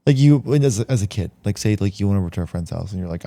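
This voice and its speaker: Gravelly low-voiced young guy asking questions. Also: animated, fast talker, mellow, no echo, clean studio sound. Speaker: podcast co-host. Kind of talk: casual chat.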